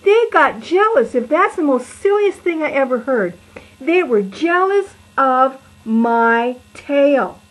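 A cheerful lion preacher, voiced by a woman, talks in a high, bright register. The delivery is sing-song and exaggerated, playful like a children's sermon. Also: animated, takes it slowly, low-quality recording.

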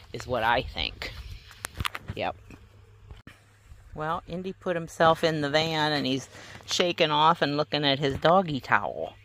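A woman vlogging outdoors on her phone, chatting with her dog in high sing-song baby talk. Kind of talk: casual chat with her dog. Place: outdoors by water and in a van. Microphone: handheld phone. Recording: phone recording with loud outdoor noise.

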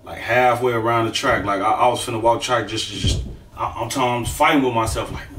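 A man tells a story casually, swearing freely and punching up the action with his own sound effects. His voice sits at a middle pitch. He is heard from a distance in a room with noticeable echo. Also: a little fast, slight background noise. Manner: profane, emphatic, animated with sound effects. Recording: echoey room, far from the mic.

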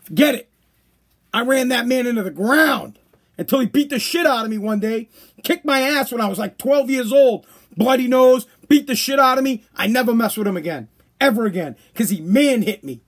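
A man's voice: extremely high pitch, expressive, moderate pace, husky. A man hosting a solo podcast, delivering a heated, profane monologue and acting out the people he quotes. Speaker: podcast host.

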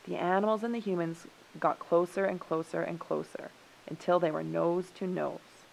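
A woman narrating a children's story aloud for a radio show in an expressive, gently paced way. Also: on the low side, normal speed, creaky, slight background noise, rough recording.

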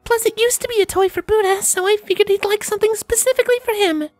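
A woman voicing a gentle, kind pony mare who talks softly and teases lightly. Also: very high voice, fairly even intonation, fast talker, dry recording, soft background music. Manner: gentle and soft, lightly teasing.

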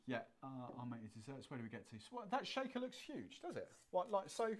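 A woman's voice: extremely low pitch, big pitch swings, fast talker, a crowd in the background. A woman hosting a live cocktail show, chatting and joking easily and laughing often. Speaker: host and cocktail instructor. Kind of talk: casual live-stream chat.

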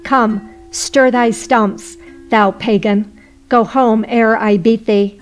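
A woman voicing a greedy, quick-tempered rich man in a folk tale, speaking in old-fashioned, scolding phrases. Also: fairly high pitch, steady tone, faint music behind. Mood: angry scolding.

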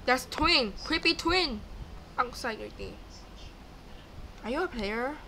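A young woman with a high, bright voice narrates her game as she plays, excitable and chatty, talking back at the characters on screen. A faint hiss of game ambience sits under her voice. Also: unhurried, creaky, long pauses. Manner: excitable, screams and gasps, talks to game characters. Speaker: gaming YouTuber. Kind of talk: live gameplay commentary.

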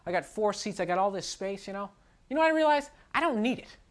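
On a 1990s TV broadcast, a young comic does a stand-up set in a studio in front of a live crowd, whose laughter and noise come through. He rants with frustrated self-mockery, leaning constantly on "like" and "you know," in a high voice with lively intonation and a quick pace.

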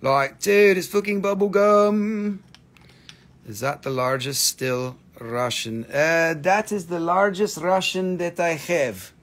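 A man's voice: on the high side, takes it slowly, a bit bright. A man chatting casually and joking with viewers while selling mineral specimens on a livestream, swearing freely. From US East Coast. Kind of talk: casual live-sale chat.

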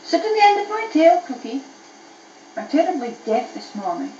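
A woman's voice: high voice, sing-song, moderate pace, mellow, roomy sound, dull audio, slight background noise, pitched above the performer's own voice. A woman voicing a big, sly male dragon, lazy and cunning, in a bedtime story on an old cassette tape.

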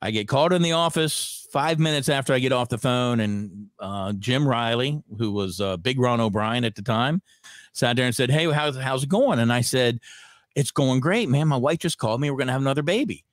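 A middle-aged man from the Frederick area, a radio veteran, tells his stories in a loose, chatty way and acts out the people he quotes. His voice sits at an average pitch. The sound is dry and close to the mic. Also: brisk, dry recording. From Frederick, Maryland area. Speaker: radio host guest. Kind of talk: casual storytelling interview.

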